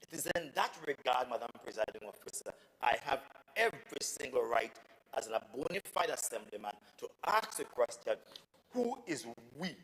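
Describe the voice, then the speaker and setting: A man's voice: mid-range voice, very animated, normal speed, fairly bright tone, in a large hall, rough recording. A man with a Tobagonian accent, an assemblyman arguing emphatically and repeating himself in a parliamentary debate. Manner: indignant, emphatic, repetitive. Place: legislative assembly chamber.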